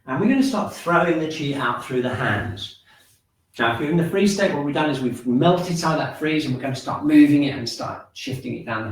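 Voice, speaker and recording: Male movement teacher, calm and instructive, mid pitch; heavy room echo, distant mic. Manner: calm, gently instructive, talks through exercises step by step. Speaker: qi gong and shiatsu instructor. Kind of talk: guided movement and breathing class. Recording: very echoey room, mic far off.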